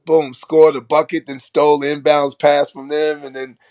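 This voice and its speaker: An older man from Brooklyn, New York, a former basketball player and coach, telling animated stories in a casual interview and often acting out what people said. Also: fairly high pitch, moderate pace, dry recording. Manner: animated storyteller who acts out quoted lines and laughs often.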